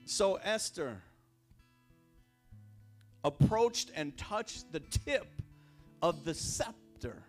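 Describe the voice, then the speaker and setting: A man preaching a sermon as pastor, talking in a conversational way with repeated phrases and restarts, dropping quiet and then rising loud. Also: sits high, big pitch swings, extremely slow, pauses often, faint music behind. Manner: swings between hushed and raised. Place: church sanctuary.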